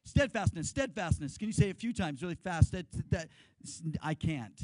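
A male pastor giving a lively sermon, telling stories and leading the congregation in call-and-response. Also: high-pitched, normal speed, dry recording, low-quality recording.

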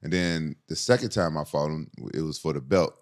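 A man's voice: rumbling low, fairly quick. A middle-aged man, a fighter guest, telling stories in casual chat with lots of swearing. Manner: animated, profane storytelling.

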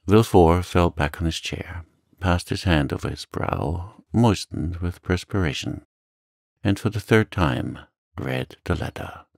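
A man reading a classic novel aloud as a soft-spoken, soothing sleep story. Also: deep voice, gravelly, no echo, clean studio sound. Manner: calm, soothing. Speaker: audiobook narrator.

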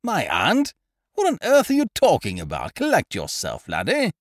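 A man's voice: on the high side, wildly swooping pitch, moderate pace, dry recording, clean studio sound, voice pushed up. A man voicing an exuberant, blustering young boxing manager who talks in a hearty, boastful way.

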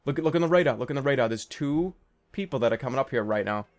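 A young man commentating a stealth game he is playing, jittery and excitable, with nervous laughs and yelps. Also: medium pitch, quick pace. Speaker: gaming video host. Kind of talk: let's play commentary.

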